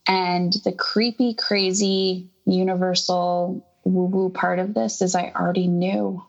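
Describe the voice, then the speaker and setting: A woman's voice: fairly low pitch, unhurried, creaky, lo-fi sound, soft background music. A woman in her thirties, a podcast guest, telling a personal story in a casual conversation and acting out the people in it. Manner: animated storyteller, quotes herself and others in lively voices. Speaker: interview guest.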